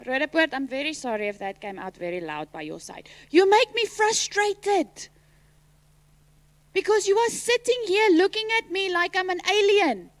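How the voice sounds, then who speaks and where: A woman teacher leading a school assembly into a microphone, animated and teasing, quizzing the pupils and calling out loudly at times. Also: very high voice, normal speed, no echo.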